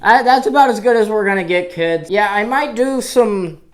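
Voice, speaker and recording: A man's voice: high-pitched, moderate pace. A young man hosting a casual guitar vlog, joking and rambling with playful asides. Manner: goofy, rambling, self-deprecating jokes. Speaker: guitar YouTuber.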